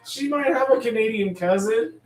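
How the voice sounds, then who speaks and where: High pitched guy cracking quick jokes on a live show, sounds far from the mic in an echoey room. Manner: playful, quick quips. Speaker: co-host. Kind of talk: casual live-show banter. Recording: roomy, distant from mic, faint noise.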